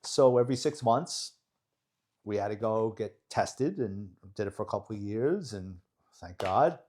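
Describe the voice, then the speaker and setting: A man's voice: lowish voice, measured pace. A middle-aged man, a retired police detective telling a blunt, profane war story as a podcast guest. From New York. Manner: animated, blunt, profane storyteller who acts out dialogue.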